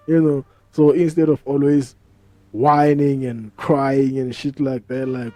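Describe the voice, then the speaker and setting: A man's voice: mid-range voice, fairly even intonation, measured pace, warm tone, faint music behind. A man hosting a podcast, talking casually in a rambling, profane way full of street slang. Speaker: podcast host. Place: podcast studio.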